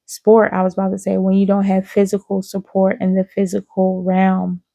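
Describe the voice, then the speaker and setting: A woman giving an intuitive spiritual reading to her viewers, speaking slowly and soothingly with frequent "okay?" check-ins. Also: medium pitch, completely flat delivery, vocal fry, mellow, no echo. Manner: slow, drawn-out, soothing, with many "okay?" asides. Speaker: psychic reader.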